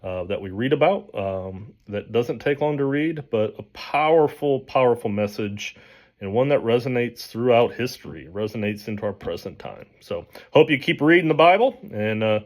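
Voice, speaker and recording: Man, pastor, informal Bible talk, conversational, restarts sentences, medium pitch. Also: animated, moderate pace. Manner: conversational, with frequent restarts and fillers.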